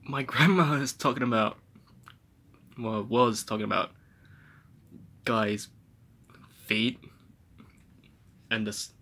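A man's voice: medium pitch, takes it slowly, pauses often, pushed and bright. A young man rambling through a casual phone vlog, trailing off and chuckling between thoughts. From New Zealand. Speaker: vlogger. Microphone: phone held at arm's length.

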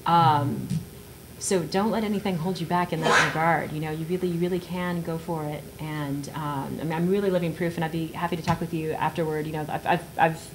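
A woman in her thirties from South Texas tells a personal story to a panel audience. She is animated, laughs often, and acts out the voices she quotes. A faint hum of room ambience sits under her voice. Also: mid-range voice. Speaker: panel guest writer. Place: auditorium panel discussion.

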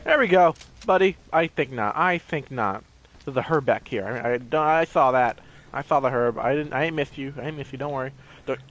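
A man commenting on his own gameplay, easily startled and thinking out loud as he plays. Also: medium pitch, fairly quick, a little hiss or hum. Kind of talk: let's play commentary.

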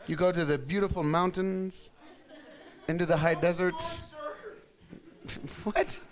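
Live on stage at a burlesque show, a man with a high voice that swoops all over works the room as emcee. He jokes bawdily and quizzes the audience. A lively crowd can be heard laughing around him. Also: slow pace, heavy background noise. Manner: bawdy, teasing, quizzes the crowd. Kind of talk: live stand-up banter with audience.

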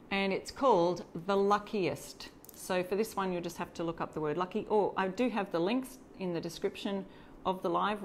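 An Australian woman with a slightly low voice hosts a live stencil demo, walking viewers through the craft project in a casual tutorial. She chats easily, greeting viewers and reading their comments aloud as she works. A faint hum sits beneath her voice.

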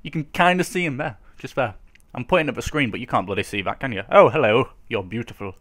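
A gamer commentating as he plays, with a bright, forceful voice at a middle pitch. He keeps up a running stream of sarcastic jokes aimed at the game. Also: animated, fast talker, no room sound. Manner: sarcastic, joking asides. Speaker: let's play host. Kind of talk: gaming commentary.

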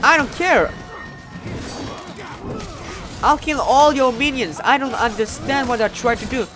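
A man giving live gameplay commentary. He is excitable and swears often, and he sounds frustrated during matches and more hesitant when looking back afterward. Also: very high-pitched, moderate pace, music in the background.

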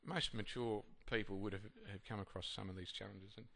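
A man with a slightly low-pitched voice preaches a sermon. He moves between reading scripture aloud and talking it over in an unpolished, conversational way. He often stops to restart a thought. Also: fairly even intonation, brisk, vocal fry, fairly bright tone. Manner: conversational and hesitant, many fillers and restarts. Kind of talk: sermon with Bible reading and casual reflection.

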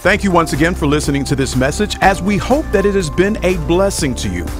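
Male announcer, scripted promo outro, expressive delivery, over background music. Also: high voice, fast.

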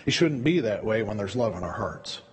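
A man's voice: fairly low pitch, expressive, normal speed, husky. A man preaching a sermon as pastor, in a conversational way that often repeats words as he goes. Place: church sanctuary. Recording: long church reverb.

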